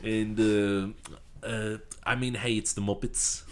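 A man's voice: on the low side, flat delivery, slow, slight background noise. A man co-hosting a casual movie review podcast, laid-back and chuckling, who slips into accents. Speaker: podcast co-host. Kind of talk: casual chat.

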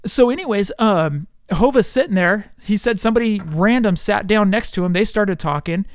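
A man's voice: sits high, lively intonation, moderate pace, dry recording. A man in his forties from the US West Coast, hosting a podcast and telling easygoing stories. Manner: easygoing storyteller, laughs often. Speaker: podcast host. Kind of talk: casual chat.

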